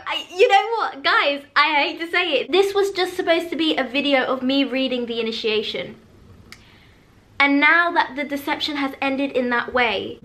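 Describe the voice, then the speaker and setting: A woman, chatting excitably and dramatically about books in a casual reading vlog. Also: high-pitched. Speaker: book vlogger.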